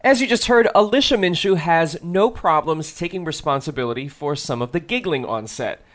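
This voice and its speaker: Playful male host, high voice, dry sound. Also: animated, normal speed, fairly bright tone, no room sound. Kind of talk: scripted narration.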